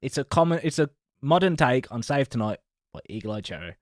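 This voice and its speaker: A chatty man at a middle pitch hedges as he talks through tracks, piling on fillers and qualifiers. His voice sits dry and close on the podcast mic. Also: very animated, brisk, no echo. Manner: chatty, hedging with many likes and maybes. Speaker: podcast co-host. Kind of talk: casual album review chat.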